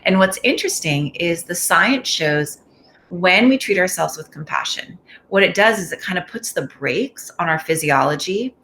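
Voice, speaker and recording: Woman guest, lower-pitched, measured and explanatory. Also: lively intonation, fairly bright tone, a little hiss or hum. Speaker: mindfulness expert and author. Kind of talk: interview answers.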